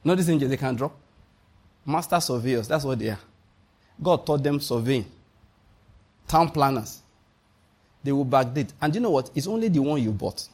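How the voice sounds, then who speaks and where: A man's voice: medium pitch, expressive, normal speed, pauses often, a little mellow. A Nigerian man preaching a conversational, humorous sermon full of stories. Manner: humorous, storytelling, often laughing.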